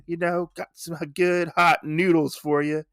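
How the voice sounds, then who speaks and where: A man's voice: a little high, little pitch movement, unhurried, a bit bright, clean tone, no echo, studio quality, voice pushed up. A man voicing a pushy male cat street vendor hawking noodles in repetitive sales patter.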